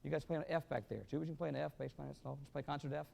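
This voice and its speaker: Brisk male band clinician, a little high, raspy edge, scats rhythms and counts off the players in a reverberant hall. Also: flat delivery, warm tone, a little hiss or hum. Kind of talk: rehearsing a wind band.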